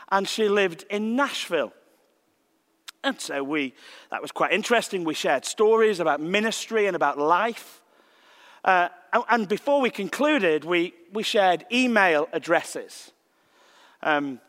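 A man preaching a sermon in a gentle, reflective tone, his fairly high voice unhurried as he weaves scripture into a personal story. His voice rings with the long reverb of a large church sanctuary. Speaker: visiting preacher.

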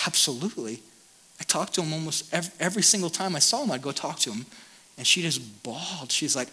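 A man's voice: medium pitch, pushed and bright. A man in his thirties, a pastor giving a candid, self-deprecating talk to an audience. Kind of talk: conference talk.

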